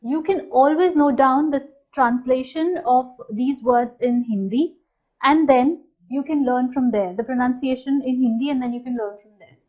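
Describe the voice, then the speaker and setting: Woman, language teacher, high voice, unhurried delivery, repeats words carefully, dull lo-fi recording. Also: dark tone. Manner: repeats words slowly and clearly. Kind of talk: spoken language lesson. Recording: dull, slightly lo-fi sound.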